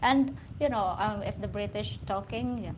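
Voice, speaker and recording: With a Filipino accent, a woman from the Philippines chats casually as an interview guest, giggly and animated, laughing often. She speaks at medium pitch and a moderate pace over a noisy background.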